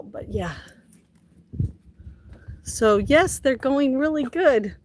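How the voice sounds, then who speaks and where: Chatty woman touring her garden. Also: mid-range voice. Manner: chatty, talks to her plants by name. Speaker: livestream host. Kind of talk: casual chat.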